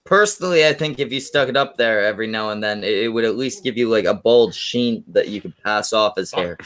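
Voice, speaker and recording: Bright-voiced teasing male co-host. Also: lowish voice, brisk, slight background noise. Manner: mock-formal, teasing, reads chat aloud. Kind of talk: improvised comedy banter.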